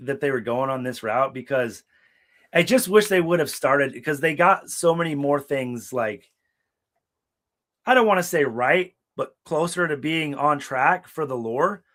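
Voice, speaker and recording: A man's voice: fairly high pitch, a bit bright. A young man co-hosting a casual live watch-along chat, rambling and swearing freely while telling stories from a hot room without air conditioning. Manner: profane, rambling storyteller. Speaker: podcast co-host.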